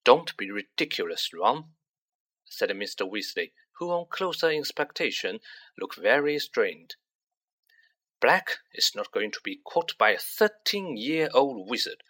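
A man's voice: mid-range voice, big pitch swings, a little slow, bright, forceful tone, heavily acted. A man voicing a grave, strained middle-aged wizard father in a storybook reading. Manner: grave, firm.

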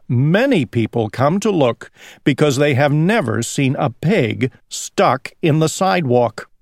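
Slow, lively male storyteller. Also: mid-range voice, no echo, studio quality. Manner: slow, lively, drawn-out reading. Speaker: storyteller for English learners. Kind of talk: slow storybook read-aloud.

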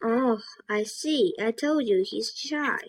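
A woman's voice: a little high, takes it slowly, low-quality recording. A woman voicing an eager, curious young girl in a storybook read-aloud. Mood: gentle.

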